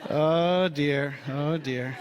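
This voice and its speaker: A man's voice: on the high side, extremely slow. Man preaching a humorous, chatty sermon. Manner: humorous, conversational storytelling. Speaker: pastor. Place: church sanctuary. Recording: reverberant church hall.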